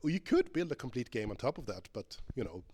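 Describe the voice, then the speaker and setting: A man's voice: mid-range voice, very animated, fairly quick, warm tone, a little hiss or hum. A man speaking from a conference stage in a loose, chatty keynote. He thinks aloud as he goes, with plenty of ums and restarted sentences. His delivery stays playful and informal. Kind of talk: conference keynote with live game demo.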